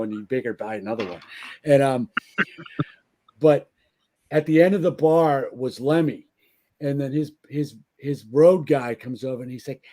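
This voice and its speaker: A man with a mellow, relaxed tone tells long, rambling anecdotes. His talk is loose and profane, full of restarts and asides. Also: mid-range voice, normal speed. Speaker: podcast guest, band member. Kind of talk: casual storytelling chat.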